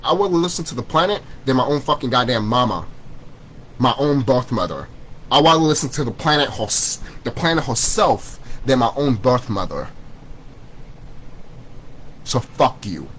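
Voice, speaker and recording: A man's voice: mid-range voice, very animated, moderate pace, pauses often, a bit bright, slight background noise, rough recording. A man in a vlog, ranting to his viewers, heated and repetitive, swearing often. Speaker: vlogger. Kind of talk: profane spiritual rant to camera.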